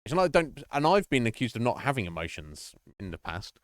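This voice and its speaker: A man's voice: medium pitch, big pitch swings, fairly quick, no echo, studio quality. A man streaming a horror game, chatting casually, rambling and swearing often as he laughs at himself. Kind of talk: casual live gameplay chat.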